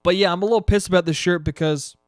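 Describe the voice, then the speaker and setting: Young male podcast host, high-pitched, swears a lot, rambles and mocks himself, dry close recording. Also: steady tone, quick pace, dry recording. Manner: profane, rambling, self-mocking. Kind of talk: casual solo podcast chat.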